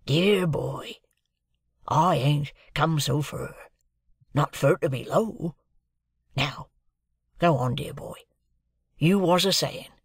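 Old convict, slow and husky, hoarse hush; narrator voices him. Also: male voice, a little high, no echo, studio quality, exaggerated voice. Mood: earnest, confiding. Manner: coarse dialect, hoarse hushed urgency. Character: rough older male convict, fiercely devoted.

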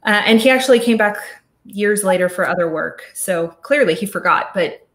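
A middle-aged woman talks casually about her work on a video call, thoughtful and chatty, often restarting her sentences. Her voice sits at an ordinary pitch, and the room around her sounds echoey. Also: normal speed, fairly bright tone. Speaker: audio studio founder, guest speaker. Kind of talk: casual virtual talk.

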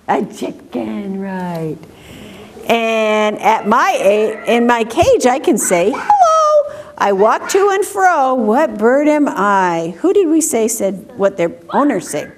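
A high, lilting woman's voice that swoops up and down as she reads picture books to small children. She takes her time and breaks into animal calls and questions for the little ones. A faint hiss sits under the recording. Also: darkish tone. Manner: slow, sing-song, with animal sounds and questions to the children. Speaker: children's story time reader.

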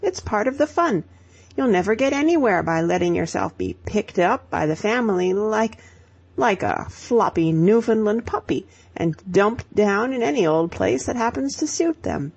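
A woman's voice: mid-range voice, animated, normal speed, creaky, darkish tone, husky, dull audio. Woman voicing a spirited, emphatic young woman. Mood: lecturing. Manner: emphatic, lecturing, exclamatory. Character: spirited young woman giving brisk advice.

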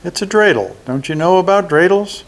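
A man's voice: sits high, lively intonation, brisk, pitched above the performer's own voice. An older man voicing a bold, clever young hero. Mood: coaxing.

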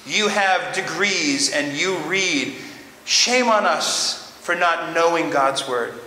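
A male pastor preaches an earnest, emphatic sermon, hammering home short repeated phrases. His voice sits high and sounds bright and forceful. It rings out with a long reverb in a roomy church, over a faint hiss. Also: expressive, slow pace. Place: church sanctuary.

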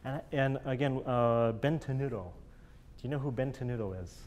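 A man's voice: medium pitch, moderate pace, a little mellow. A man coaching a chamber group in a master class, encouraging and jokey, singing musical phrases to show the players how they should sound.

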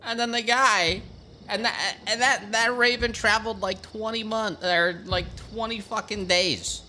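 A man's voice: sits high, measured pace, a little hiss or hum. A man streaming a strategy game live, ranting and swearing freely as he plays. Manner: profane, ranting, animated. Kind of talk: live gameplay commentary. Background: game music.

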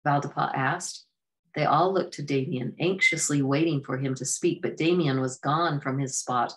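A woman with a notably low voice reads a storybook aloud at a steady pace. Her delivery is even and plain, with the occasional self-correction. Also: moderate pace. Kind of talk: storybook narration.

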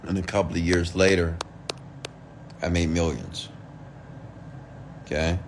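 A man's voice: sits low, steady tone, unhurried, background noise. A man giving a motivational rant, emphatic and repetitive, asking rhetorical questions and swearing casually. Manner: emphatic, repeats himself, asks rhetorical questions. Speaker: motivational speaker.

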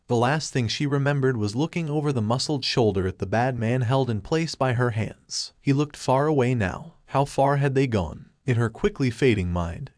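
Brief: male storyteller, mid-pitched, steady even reading, dry studio-close sound. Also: dry recording. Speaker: fan fiction reader. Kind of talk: story narration.

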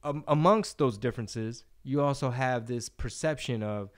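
Profane, animated man chatting. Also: mid-range voice, normal speed. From Texas. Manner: animated, profane, slangy storytelling. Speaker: podcast host. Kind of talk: casual podcast chat.

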